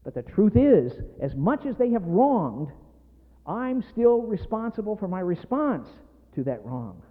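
A man's voice: high-pitched, sing-song, a little slow. A middle-aged man preaching a sermon with emphatic, passionate delivery that builds in intensity. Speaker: pastor. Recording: tinny phone-like sound in a reverberant hall.

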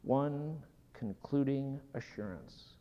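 A man preaching a sermon, telling a personal story slowly and dropping at times to a hushed whisper before leading a prayer. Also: mid-range voice. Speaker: pastor. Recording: dull sound in a hall with long reverb.

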